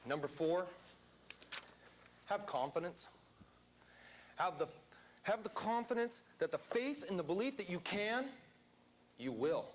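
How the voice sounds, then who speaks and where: A man's voice: sits high, sing-song, measured pace, pauses often. A man giving a motivational seminar talk to a live audience in a seminar room, speaking emphatically and quizzing the crowd.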